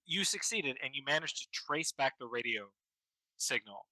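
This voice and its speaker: A man running a tabletop game as game master, narrating in a halting way with many ums and restarts. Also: mid-range voice, animated, pushed and bright, no room sound, poor audio.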